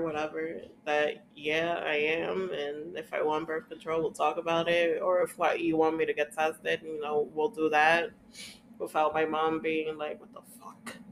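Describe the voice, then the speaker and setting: A woman's voice: deep voice, slight background noise. A young woman co-hosting a casual chat, swearing freely as she rants and acts out other people's lines. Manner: profane, ranting, acts out quoted voices.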